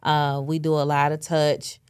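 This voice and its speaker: A woman's voice: deep voice, completely flat delivery, unhurried, a little mellow, clean tone. A middle-aged woman co-hosting a faith podcast, talking thoughtfully and with conviction about parenting. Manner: reflective, speaks of parenting with conviction. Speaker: podcast co-host. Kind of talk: casual faith and parenting chat.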